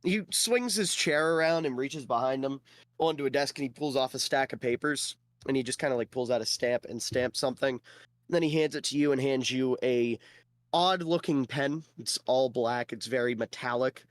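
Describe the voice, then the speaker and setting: A man running a tabletop game, talking easily and filling pauses with "uh" and "like". His voice sits at a middling pitch. The sound is dry and close. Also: no room sound. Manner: relaxed, with many fillers. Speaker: game master.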